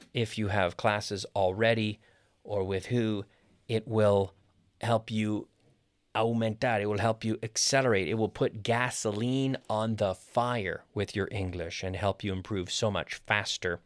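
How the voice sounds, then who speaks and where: A man's voice: lowish voice, steady tone, a little slow, no echo. A man hosting an English-lesson podcast who explains patiently, says example sentences aloud and adds Spanish glosses. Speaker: English teacher and podcast host.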